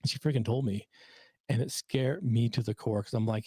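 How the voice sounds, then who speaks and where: Male host, animated storyteller, casual chat, dry sound. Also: medium pitch, moderate pace, breathy edge, no room sound. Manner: animated storyteller, acts out quotes. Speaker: podcast host and recovery coach.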